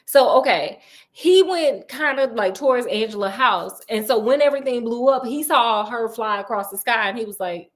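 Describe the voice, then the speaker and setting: A woman casually recapping a horror novel, animated and playful, acting out characters' lines in quick asides. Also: fairly high pitch. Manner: playful and sassy. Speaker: book recap host. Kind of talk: casual book recap storytelling.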